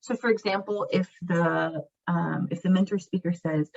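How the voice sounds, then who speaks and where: Woman giving a language teaching talk, chatty, a bit husky, muffled lo-fi sound. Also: fairly low pitch, moderate pace. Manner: conversational, explains with acted example phrases. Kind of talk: recorded presentation lecture. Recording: muffled lo-fi recording.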